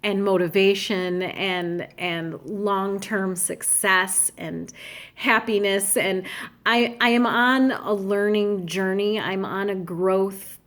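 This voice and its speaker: A middle-aged woman talking earnestly and candidly in a personal vlog, with halting restarts. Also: mid-range voice, fairly even intonation, fairly bright tone. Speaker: vlogger.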